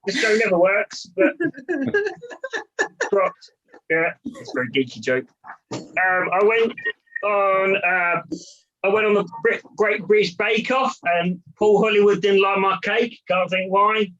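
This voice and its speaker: A man doing a stand-up comedy set from his own room over a video call, with hesitant one-liners full of ums and pauses. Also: high voice, pushed and bright, dull audio, slight background noise.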